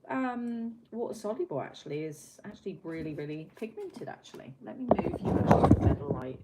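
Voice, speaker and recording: Chatty woman, low voice. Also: big pitch swings, moderate pace, very noisy. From Wiltshire, England. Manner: chatty, rambling, self-mocking, reads chat aloud. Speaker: art livestream host. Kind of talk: casual livestream chat while swatching pencils.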